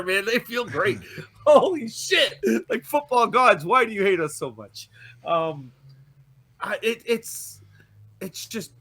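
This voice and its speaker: A Canadian man, a dejected football fan, rants and swears on a fan show, often stumbling and restarting his words. His voice is very high-pitched and bright, with lively intonation, a slow pace and a forceful tone, all in heated fan-show chat.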